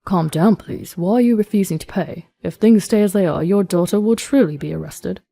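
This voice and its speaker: A woman's voice: on the low side, a little fast, gravelly, dark tone, dry recording. A woman reading the lines of a stern male police officer in a storybook tale.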